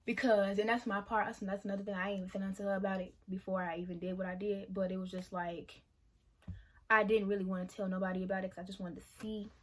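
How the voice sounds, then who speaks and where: A woman's voice: mid-range voice, level tone, quick pace. A woman of about twenty telling her side of a story to camera in a casual, emotional vlog, speaking frankly and swearing freely. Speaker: vlogger.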